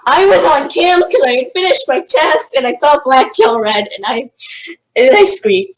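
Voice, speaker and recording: A woman on a voice call during an online game, slowly and emphatically reporting what she saw. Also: high voice, lively intonation, recorded from a distance, a crowd in the background, rough recording. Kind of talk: casual gaming chat.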